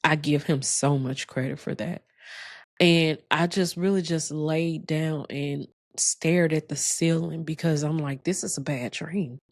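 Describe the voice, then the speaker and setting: A woman, telling a heartfelt personal story slowly and reflectively, with pauses and restarts. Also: sits low, no room sound, studio quality. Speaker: host sharing a personal story.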